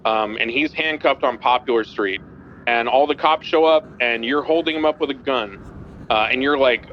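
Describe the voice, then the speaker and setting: A man's voice: medium pitch, moderate pace, dull audio, slight background noise. A man playing a senior police instructor, briefing trainees bluntly and emphatically in a game roleplay. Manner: blunt, emphatic, swears casually.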